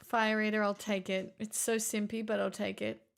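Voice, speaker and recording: A woman's voice: mid-range voice, little pitch movement, normal speed, vocal fry. A young woman streaming live, reading out chat messages with playful quips.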